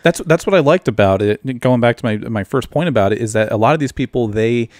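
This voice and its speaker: A man's voice: medium pitch, lively intonation, fast, darkish tone, no echo, studio quality. A man as a podcast guest, chatting casually in a rambling, hesitant way. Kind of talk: casual chat.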